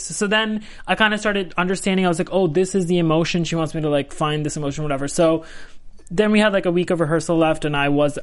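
A man's voice: mid-range voice, fairly bright tone. A young adult man telling a story as an interview guest in a casual, rambling way, full of "like" and restarts. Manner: chatty, full of "like" and restarts, laughs through.

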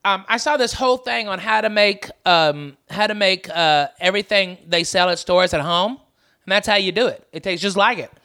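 A man's voice: sits high, moderate pace, sharp tone, smooth. A man hosting a podcast, talking in a boisterous, profane, rowdy way. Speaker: podcast host. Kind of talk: crude comedic banter.

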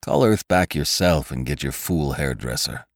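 A man's voice: extremely low pitch, lively intonation, moderate pace, vocal fry, dry recording, clean studio sound, pitched below the performer's own voice, full character voice. A man voicing a weary, irritable male space traveler who snaps when pushed. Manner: tired and short-tempered, shouting in a crisis.

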